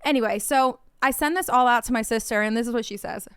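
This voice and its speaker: A high, smooth-voiced young woman tells a story on a podcast, animated and loose, full of "like" and casual swearing. She is recorded close and dry, with no room sound around her. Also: fast talker, no room sound. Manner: animated, swearing often, heavy use of "like". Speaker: podcast co-host.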